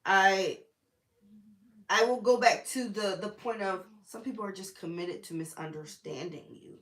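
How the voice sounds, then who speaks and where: A woman's voice: medium pitch, a little slow. A woman hosting a casual Bible study, who talks in a chatty, informal way with slang and side remarks. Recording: echoey room.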